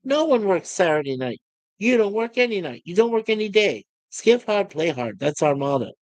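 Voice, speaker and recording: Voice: mid-range voice, sing-song, moderate pace, darkish tone, no room sound, close to an everyday voice. A fan voicing a fussy, pompous male officer who nags about his revision timetable. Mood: nagging. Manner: nagging, repetitive.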